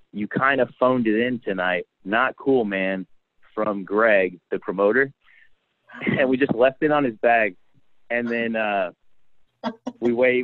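A man's voice: on the low side, no room sound. A young adult man, a wrestler, telling stories in a casual interview and acting out the lines he quotes. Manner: relaxed storyteller, acts out quoted lines. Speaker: guest, professional wrestler. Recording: tinny phone line.

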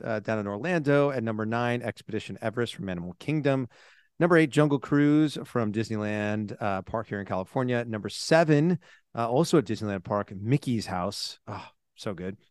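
A man's voice: medium pitch, clean tone, no echo, studio quality. A man co-hosting a podcast in casual, enthusiastic chat into a podcast microphone. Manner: enthusiastic and upbeat. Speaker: podcast co-host.

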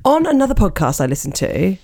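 A woman's voice: mid-range voice, sing-song, fairly quick, creaky, a little mellow. A woman co-hosting a podcast in casual chat, reading listener emails aloud in a playful, teasing way. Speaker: podcast co-host.

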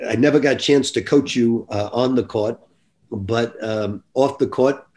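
An older man speaks as a guest on a podcast, telling his stories in an earnest, reflective way. His voice sits at an ordinary middle pitch. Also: a little slow, a little mellow. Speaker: basketball coach, guest. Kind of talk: podcast interview.

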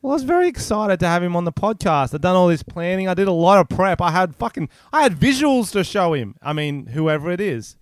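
Smooth-voiced joking New Zealand guy. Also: high voice, big pitch swings, a little fast, hardly any pauses, no echo, studio quality. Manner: joking, rambling storyteller. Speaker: podcast co-host. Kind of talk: crude casual podcast banter.

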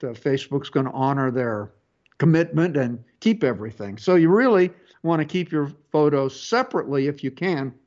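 A man's voice: a little high, a little mellow, lo-fi sound. A man hosting a tech advice show, talking casually with frequent restarts and fillers. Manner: halting, many restarts and fillers. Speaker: radio tech show host. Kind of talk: casual call-in advice talk.

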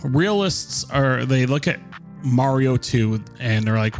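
A man chatting eagerly on a casual podcast, with quick, jokey asides. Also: medium pitch, animated, soft background music. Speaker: podcast co-host or guest. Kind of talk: casual chat.

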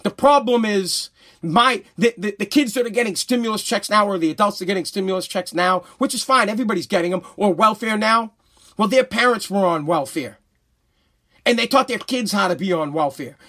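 A man in his thirties from the United States hosting his own podcast, ranting in a heated, profane way, often shouting and stumbling over restarts. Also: sits high, fairly quick. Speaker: podcast host. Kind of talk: ranting live-stream podcast monologue.

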